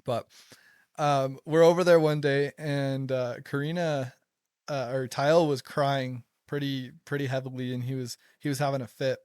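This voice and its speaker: A man's voice: medium pitch, moderate pace, clear, resonant tone, no echo, clean studio sound. A young man hosting a casual chat, telling stories with frequent laughter. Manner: laughs a lot, excitable storytelling. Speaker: podcast host.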